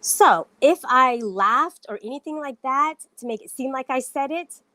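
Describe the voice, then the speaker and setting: A woman's voice: high voice, lively intonation, moderate pace, bright, forceful tone, no echo. A woman on a casual livestream, talking straight to viewers in an indignant, defensive way, stressing her denials.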